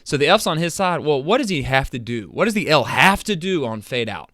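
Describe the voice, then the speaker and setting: A man coaching football, explaining plays in an energetic, emphatic chalk-talk that builds toward near-yelling while he sits at a webcam. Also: a little high, fairly quick, no room sound, studio quality. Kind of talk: chalk-talk lesson on a live stream. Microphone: seated at a webcam.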